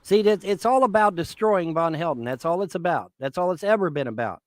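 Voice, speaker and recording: A man's voice: high-pitched, lively intonation, brisk, no echo. A man in his fifties on a livestream, swearing and making threats in a repetitive rant. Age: 50s.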